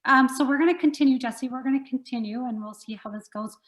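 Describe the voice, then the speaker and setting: Brief: woman host, relaxed chatty delivery, slightly high voice, laughs a lot. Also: quick pace, rough recording. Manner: easygoing, laughs often. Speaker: radio show host. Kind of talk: casual interview.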